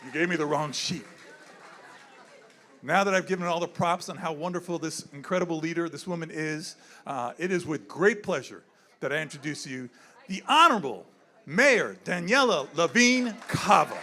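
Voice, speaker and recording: A man's voice: on the high side, expressive, normal speed, pushed and bright, some chatter behind. A man in his sixties who works with zoo animals, giving a candid, rambling speech at a gala on a handheld mic. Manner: rambling, candid, repeats himself. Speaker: zoo wildlife worker speaking at a gala. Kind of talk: off-the-cuff event speech. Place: indoor event room.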